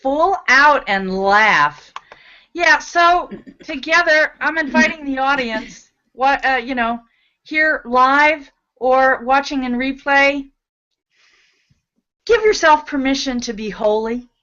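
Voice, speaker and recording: A woman's voice: high-pitched, slow pace, pushed and bright. A woman hosting a live talk show, upbeat and coaxing as she leads the audience in laughter exercises. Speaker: host leading laughter exercises. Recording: dull lo-fi audio.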